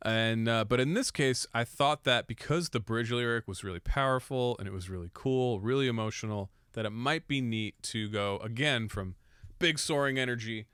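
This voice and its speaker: In studio-quality sound with no room noise, a young man who produces and mixes music explains his song's production at a moderate pace. His mid-range voice is smooth and a bit bright, and his casual tutorial is full of jokes, swearing and self-mockery.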